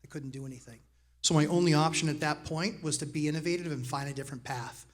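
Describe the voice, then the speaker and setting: Fast-talking joking man. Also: on the high side. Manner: fast, joking, punchy asides. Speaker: real estate investor. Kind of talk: casual panel talk.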